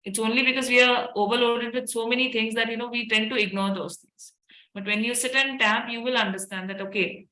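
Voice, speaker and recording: A woman explains a tapping technique in a webinar. Her voice is bright and forward, and she talks in patient, repeating steps. The sound is echoey, as if from a bare room. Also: a little high, fairly even intonation, brisk. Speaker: EFT therapist and parent. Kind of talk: webinar talk answering questions.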